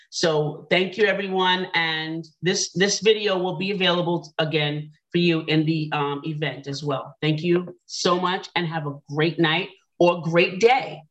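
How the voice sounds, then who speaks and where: A middle-aged woman hosts an online panel and talks it through in a lively way. She tells her own story and acts out what she was thinking along the way. Her voice sits a bit low. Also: unhurried, lo-fi sound. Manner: animated storytelling, quotes her own thoughts. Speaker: panel host.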